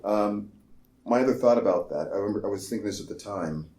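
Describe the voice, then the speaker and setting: Podcast co-host, male, low warm voice, thoughtful and halting delivery. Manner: thoughtful, halting, restarts sentences. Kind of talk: casual movie discussion.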